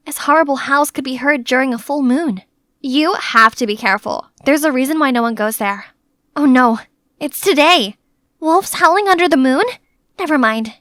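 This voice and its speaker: A young woman narrating her own animated story in the first person, in a chatty, playfully dramatic way. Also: high-pitched, no echo, clean studio sound. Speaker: narrator and maid character.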